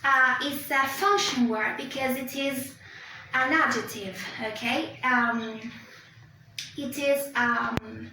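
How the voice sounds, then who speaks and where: A woman's voice: high-pitched, fairly even intonation, slow pace, pushed and bright, slight background noise. A young woman whose first language is Spanish, giving a class presentation, explaining step by step with many fillers. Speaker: student presenter. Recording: echoey room, distant mic.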